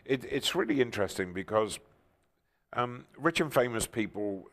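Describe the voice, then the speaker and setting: An older man, a talk show guest telling stories with enthusiasm and loud, excited outbursts. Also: medium pitch, normal speed. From England. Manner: enthusiastic, bursts into loud exclaiming when excited. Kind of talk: animated storytelling interview.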